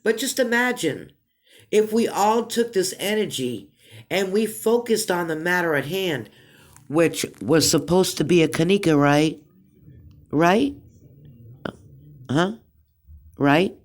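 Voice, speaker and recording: Woman ranting to her viewers real slow, says things over and over, goes soft then gets loud. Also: on the low side. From United States. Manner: slow, emphatic, repeats herself, swings between quiet and loud. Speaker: commentary vlogger. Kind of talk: emotional commentary monologue.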